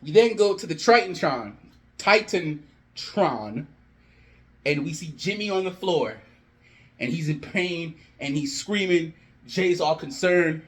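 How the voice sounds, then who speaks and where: A man's voice: fairly high pitch, expressive, slow. A man casually narrating an imagined wrestling storyline, rambling and talking straight to his viewers. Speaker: wrestling fan vlogger. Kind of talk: rambling fan booking commentary.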